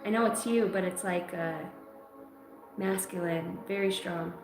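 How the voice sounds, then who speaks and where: A woman giving a live psychic reading, talking in a halting, dreamy and emotional way, full of filler words. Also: on the low side, fairly even intonation. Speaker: psychic reader. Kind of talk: live-stream intuitive reading. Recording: echoey room with music behind. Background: clear background music.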